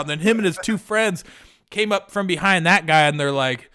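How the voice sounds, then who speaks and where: A man's voice: a little high, expressive, normal speed, fairly bright tone, clean tone, no room sound, studio quality. A young man hosting a podcast, telling a long profane story in a loose, rambling way with lots of filler words. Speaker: podcast host. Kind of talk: casual storytelling.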